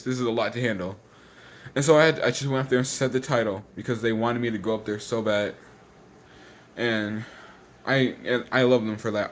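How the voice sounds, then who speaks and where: A teenage boy ranting in a casual vlog, exasperated and repetitive, rushing his words and sounding slightly out of breath. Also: medium pitch. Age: teens. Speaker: vlogger.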